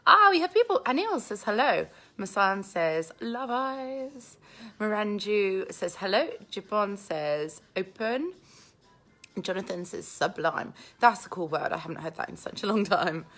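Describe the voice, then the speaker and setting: An English woman chats through a casual livestream Q&A at home with family, reading out viewer comments into a handheld phone. She sounds animated yet unhurried, her voice at a medium pitch.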